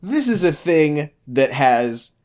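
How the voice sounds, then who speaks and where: Man, podcast co-host, wry tone, animated pitch, casual recap. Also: takes it slowly. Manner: wry, amused, quotes characters for laughs. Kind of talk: casual chat recapping a TV episode.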